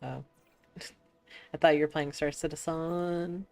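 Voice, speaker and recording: A woman streamer with a notably low, deep voice, chatting playfully and cursing casually as she plays. Faint music runs under her talk. Her manner is loose and giggly. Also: fairly even intonation, unhurried, creaky, darkish tone. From United States. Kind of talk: casual chat while gaming.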